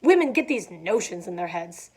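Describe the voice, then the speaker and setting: A woman voicing a brash, domineering wealthy man, loud and impatient. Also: on the low side, sing-song, normal speed, slightly rough. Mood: blustering.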